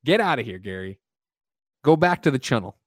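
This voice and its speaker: A man hosting a gaming podcast, delivering a loud, mock-angry comic rant full of swearing. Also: medium pitch, sing-song, fairly quick, dry recording, studio quality. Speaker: podcast host.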